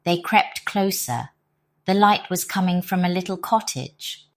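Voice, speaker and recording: A British woman reading a storybook aloud, her pace unhurried and deliberate. Her voice sits fairly low for a woman and draws out each phrase. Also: dry recording, clean studio sound. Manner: slow and deliberate.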